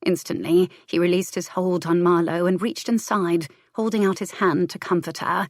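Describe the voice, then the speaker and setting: A woman reads a historical romance audiobook with measured, expressive narration. Her voice is lowish for a woman. It is recorded close and dry. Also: dry recording.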